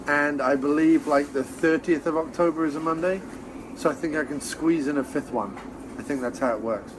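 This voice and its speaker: A man's voice: fairly high pitch, normal speed. A man co-hosting a casual podcast, rambling and playful with jokey asides. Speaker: podcast co-host. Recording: noisy background. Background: diner ambience.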